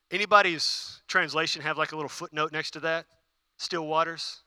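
Bright-voiced man preaching a sermon. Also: fairly high pitch, moderate pace, smooth, no echo, clean studio sound. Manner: repeats key phrases, asks the congregation questions. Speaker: pastor. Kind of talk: conversational sermon.

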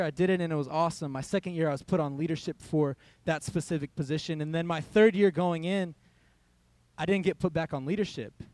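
A man's voice: on the high side, a little mellow, no room sound. Young man preaching a casual sermon. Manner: conversational, storytelling, quotes his own thoughts. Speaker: youth pastor. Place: church hall.

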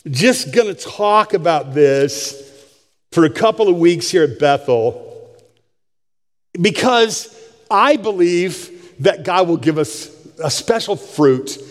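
An older man preaching a sermon, his voice sitting a touch high for a man. He tells plain, humorous stories in an easy folksy way. The sound rings with the long reverb of a church hall. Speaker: pastor. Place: church sanctuary.

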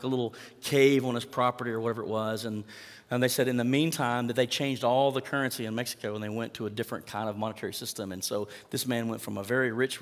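Male pastor, mid-pitched voice, casual sermon delivery, recorded in a reverberant sanctuary. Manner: conversational preaching, acts out lines from the text. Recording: long hall reverb.

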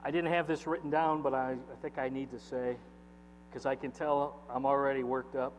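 A man preaching a sermon as pastor, opening with a prayer and building to loud, impassioned peaks. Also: mid-range voice, little pitch movement, normal speed. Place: church sanctuary. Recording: faint mains hum, long church reverb.

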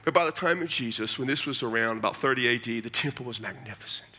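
An American man preaching a sermon, explaining scripture in an animated, conversational way with casual asides. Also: mid-range voice, fast, slightly rough. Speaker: pastor.

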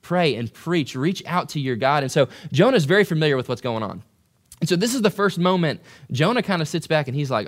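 A young man preaching a conversational sermon, animated and acting out quoted voices. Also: a little high, brisk. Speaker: pastor.

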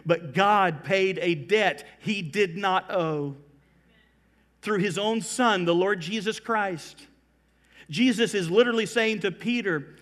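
A middle-aged man preaching a sermon as pastor, building emphasis through repeated phrases and slowing down to stress key words. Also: sits high, a bit bright.

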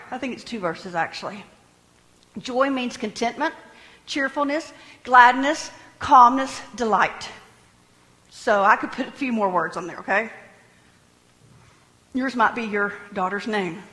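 Woman preacher, sermon, animated, humorous, long hall reverb. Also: fairly high pitch. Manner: lively, animated, jokes with the congregation.

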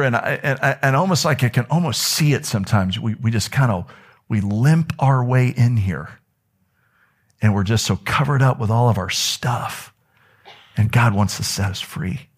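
A middle-aged pastor preaches a sermon, telling stories with animation. His voice climbs high whenever he gets excited.

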